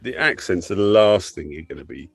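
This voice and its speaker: A man's voice: sits low, lively intonation, a little fast, gravelly, breathy edge, faint music behind. A man co-hosting a comedy podcast, bantering with dry, playful interjections.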